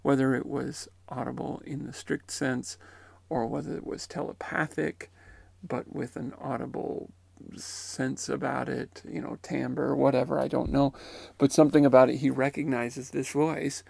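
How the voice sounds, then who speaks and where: A man's voice: medium pitch, little pitch movement, measured pace, vocal fry, a little mellow, slightly rough, dry recording. A man retelling and reflecting on someone's near-death account in a musing, tentative way. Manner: musing and tentative, often unsure. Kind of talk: reflective spoken commentary.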